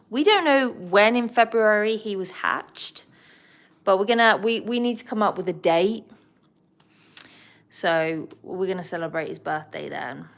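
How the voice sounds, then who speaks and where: A middle-aged southern English woman hosts a relaxed livestream and chats freely while she reads out and answers viewer comments. Her voice sits a little low for a woman. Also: creaky. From England. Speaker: host of a pet livestream. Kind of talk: casual livestream chat.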